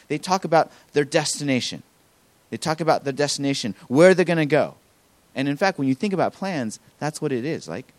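A man preaching a sermon as pastor, acting out quotes with lively emphasis. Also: fairly high pitch, no room sound. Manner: animated preaching with acted-out quotes.

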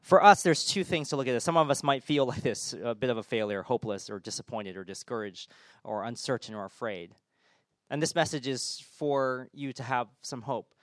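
A man's voice: mid-range voice, animated, brisk, dry recording, studio quality. A man giving a conversational sermon as a pastor, informal with self-deprecating humor.

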